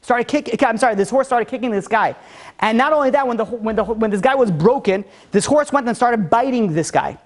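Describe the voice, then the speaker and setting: A man's voice: very high voice, lively intonation, brisk. A man, a rabbi, telling a story to an audience, acting out the characters with frequent restarts. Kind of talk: storytelling talk.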